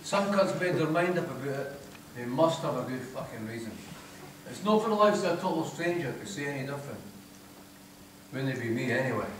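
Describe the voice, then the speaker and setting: A middle-aged Scottish man reads his crude comic first-person fiction live on a theatre stage, broad, sweary and wry in dialect. His voice is medium-pitched, lively and a little fast, with slight background noise, recorded from a distance in an echoey theatre.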